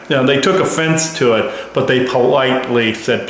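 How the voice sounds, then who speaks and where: A man recounting a personal experience in a casual, halting, rambling way with many restarts. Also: mid-range voice, slight background noise. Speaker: narrator of contact experiences. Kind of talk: casual spoken account. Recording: very echoey room.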